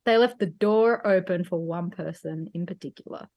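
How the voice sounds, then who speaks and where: A woman's voice: on the low side, normal speed, lo-fi sound. A woman co-hosting a casual film podcast, giggling, swearing casually and poking fun at herself. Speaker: podcast co-host. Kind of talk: casual chat.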